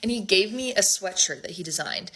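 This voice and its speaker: A woman's voice: medium pitch, expressive, a little fast, background noise. A young woman telling a storytime in a casual, chatty way, full of "like".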